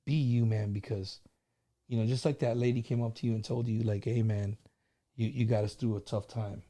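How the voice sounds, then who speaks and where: A man's voice: lowish voice, steady tone, moderate pace, warm tone. A middle-aged man hosting a casual live stream, chatting and telling stories in an easygoing way, with plenty of "you know" and "man".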